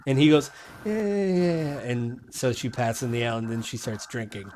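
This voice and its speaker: A man's voice: medium pitch, fairly even intonation, a little fast, darkish tone, slight background noise. A man narrating as game master of a tabletop game online, rambling with many ums and restarts.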